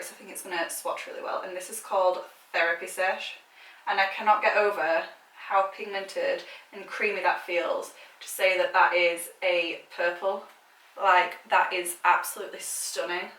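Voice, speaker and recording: A woman's voice: mid-range voice, sharp tone. A British woman vlogging casually about makeup, chatty and gushing, with lots of filler words. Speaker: beauty vlogger. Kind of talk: casual makeup swatching chat. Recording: echoey room, mic at a distance.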